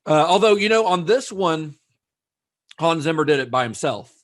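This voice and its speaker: A man's voice: on the high side, lively intonation, moderate pace. A man co-hosting a casual film discussion podcast, chatty, with frequent fillers and restarts. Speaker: podcast co-host.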